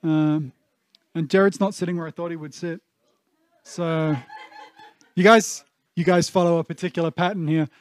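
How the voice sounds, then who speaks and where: A man in his thirties preaches a sermon with a high, bright-sitting voice. He speaks earnestly and from the heart, with plenty of ums and restarts. The sound is dry and close, with no room echo. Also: fairly even intonation, normal speed, pauses often. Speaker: pastor.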